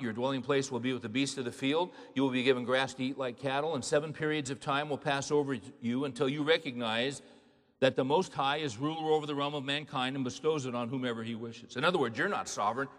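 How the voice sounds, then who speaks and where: Speaking quickly in a medium-pitched, somewhat bright voice, this male pastor delivers a sermon in a reverberant hall. His preaching is emphatic and conversational, with plenty of rhetorical questions.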